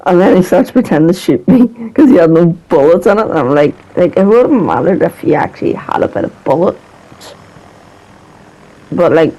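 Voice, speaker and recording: A man's voice: high-pitched, animated, moderate pace, dark tone, muffled recording. A man telling a story about his past in a casual, rambling way, hesitant and swearing now and then.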